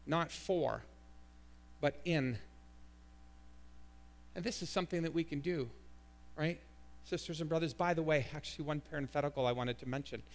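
High-voiced emphatic preacher man. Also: fairly even intonation, quick pace. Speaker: pastor. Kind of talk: sermon.

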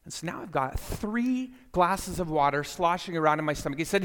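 A man telling a personal story to listeners, animated and speaking to them directly. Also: fairly high pitch, fairly quick, in a large hall. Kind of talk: storytelling talk.

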